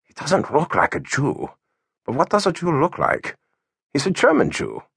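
A man's voice: fairly high pitch, huge pitch swings, normal speed, creaky, a bit bright, breathy edge, no echo, clean studio sound, voice pushed up, full character voice. A man playing a prickly army investigator. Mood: puzzled. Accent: Pennsylvania Dutch. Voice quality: curt, questioning. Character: blunt American male army investigator, prickly.

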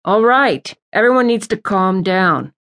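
A woman narrating an audiobook, voicing a relaxed, dry-humored young man. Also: medium pitch, unhurried. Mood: easygoing. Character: wry laid-back young man, a boyfriend.

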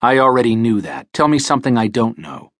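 A man's voice: mid-range voice, lively intonation, a little fast, dry recording, clean studio sound, lightly acted. A man voicing a cold, curt male professional thief in an audiobook, blunt and clipped. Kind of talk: audiobook character voice.

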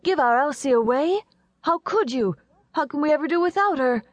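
A woman voicing an excitable young boy who protests vehemently in an audiobook story. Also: sits high, moderate pace, no echo, dull audio, voice pushed up. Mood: indignant. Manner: vehement pleading outbursts.

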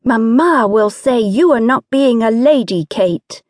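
A woman's voice: on the high side, expressive, unhurried, darkish tone, no echo, clean studio sound, voice pushed up. A woman reading an audiobook, voicing a pert, sly younger sister who scolds and tattles. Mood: snippy.

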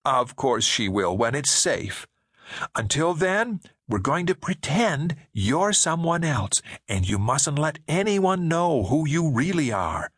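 Falsely sweet older woman, played by a man, slow and coaxing, high and husky. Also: very animated, fairly bright tone, no echo, clean studio sound, full character voice.

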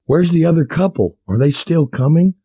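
A woman's voice: deep voice, animated, moderate pace, mellow, breathy edge, no room sound, voice pushed up, exaggerated voice. A man voicing a cheerful, flirty adult woman with a chirpy delivery.

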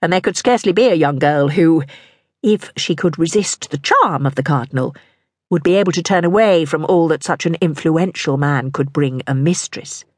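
A woman narrating a historical novel for an audiobook in a measured, even manner. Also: deep voice, no room sound, studio quality.

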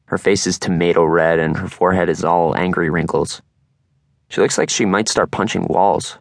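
Young male audiobook narrator, deep and calm, dry close-miked delivery. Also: moderate pace, creaky, dry recording. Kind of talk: first-person audiobook narration.

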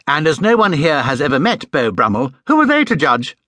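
Brief: outspoken elderly housekeeper, read by a male narrator, emphatic, bright tone. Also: on the high side, huge pitch swings, no echo, exaggerated voice. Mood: brisk. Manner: brisk, emphatic, old-fashioned. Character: brisk, outspoken older housekeeper woman.

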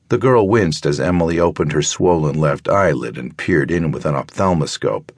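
A man with a very low, deep voice reads a thriller audiobook in a measured, even way. The recording is close and dry, with no room sound. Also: slightly rough, dry recording. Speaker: audiobook narrator. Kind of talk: scripted narration.

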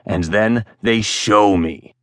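A man voicing a boastful former pirate who tells tall tales in rough dialect. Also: fairly low pitch, slow, a bit bright, no echo, clean studio sound. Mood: storytelling. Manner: swaggering, dialect speech. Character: boastful old male ex-pirate storyteller.

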